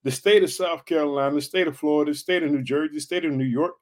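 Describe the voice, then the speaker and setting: Speaking quickly in a fairly high pitch, an Illinois man hosts a faith podcast. His sermon is meant to encourage, and he repeats himself fervently, calling his listeners family.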